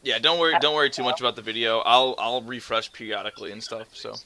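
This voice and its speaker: A man's voice: medium pitch, fairly even intonation, fast talker, bright, forceful tone. A man chatting casually and reassuringly with other players on a video call.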